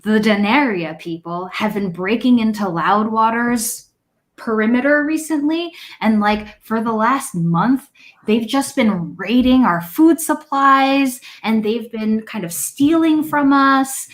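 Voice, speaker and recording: A woman's voice: fairly high pitch, slow pace, voice pushed up. A woman voicing a timid young man who rambles nervously. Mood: gossipy. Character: timid young man, grandson, blurts gossip.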